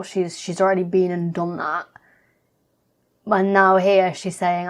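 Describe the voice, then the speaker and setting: A woman's voice: mid-range voice, fairly even intonation, unhurried. A woman reacting to a reality TV episode in a blunt, chatty way, swearing freely. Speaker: reaction vlogger.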